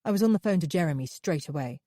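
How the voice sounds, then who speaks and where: A woman reads a first-person thriller in steady, measured narration. Her voice sits a little low with a mellow tone, recorded dry and close. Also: no echo. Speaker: audiobook narrator.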